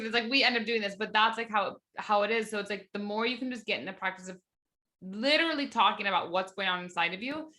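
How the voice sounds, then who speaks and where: A woman's voice: medium pitch, fast, pushed and bright. A woman hosting a podcast, talking enthusiastically and casually, with many fillers and some swearing. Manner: enthusiastic, swears freely, fills speech with "like". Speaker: podcast host. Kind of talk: casual conversation.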